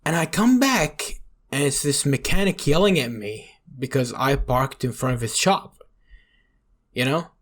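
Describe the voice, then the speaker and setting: A man's voice: medium pitch, animated, measured pace. Rambling young man venting on a podcast. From Iraq. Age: young adult. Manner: rambling storyteller, swears a lot, leans on "you know". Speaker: podcast co-host. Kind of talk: casual chat.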